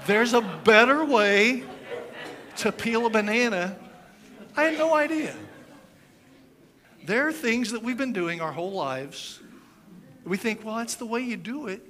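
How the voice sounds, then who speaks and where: A man's voice: high-pitched, fairly bright tone. A man in his fifties from the United States preaching a conversational sermon, telling stories with playful asides and demonstrations. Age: 50s. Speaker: pastor.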